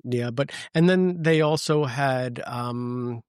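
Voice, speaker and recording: A man of middle pitch chatting in a relaxed, rambling way, with plenty of fillers and restarts. His voice is recorded close and dry. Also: slow, smooth, no echo. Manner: rambling, easygoing, many fillers. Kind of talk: casual chat.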